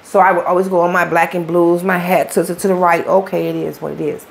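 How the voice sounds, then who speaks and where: A woman's voice: fairly low pitch, level tone, fairly quick, creaky. A middle-aged woman with a Chicago accent, an interview guest telling her story in blunt, profane street talk. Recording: faint background noise.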